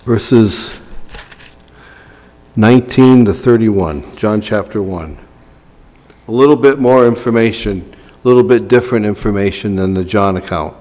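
A man's voice: fairly low pitch, moderate pace, a little mellow, in a large hall. A man preaching a sermon in a conversational way, with asides to the congregation. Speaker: pastor.

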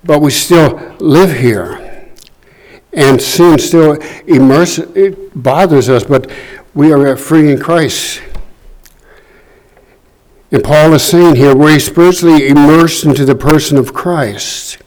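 Slow, deliberate man preaching. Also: a little high, darkish tone, rough recording. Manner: slow, deliberate, reading scripture aloud. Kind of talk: sermon. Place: church room.

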